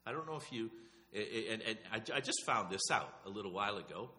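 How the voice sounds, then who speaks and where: Bright-toned male pastor preaching. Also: on the low side, big pitch swings, fast talker. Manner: conversational, repeats words and restarts often. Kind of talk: sermon.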